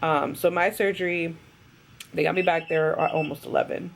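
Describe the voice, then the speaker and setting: A worn-out young woman rambles through a story in a relaxed vlog, piling on fillers as she goes. Her voice has a gravelly edge. Steady noise sits behind her. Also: sits low, moderate pace. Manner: chatty, rambling with many fillers. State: tired and drowsy after surgery. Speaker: vlogger.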